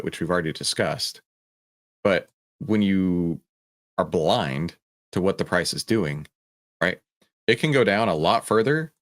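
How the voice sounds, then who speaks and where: A man hosting a stock market commentary show, reacting to a clip and explaining a chart, emphatic and checking in with "right?" and "okay?". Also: low-pitched. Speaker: host.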